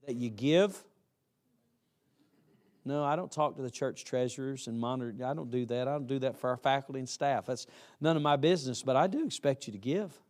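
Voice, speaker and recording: A man's voice: medium pitch, brisk, darkish tone. A man preaching a chapel sermon to college students in a folksy, emphatic way, acting out what students say.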